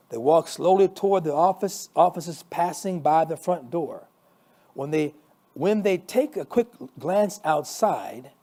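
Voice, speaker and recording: A male pastor reading a story aloud, expressive, with small restarts. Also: fairly high pitch.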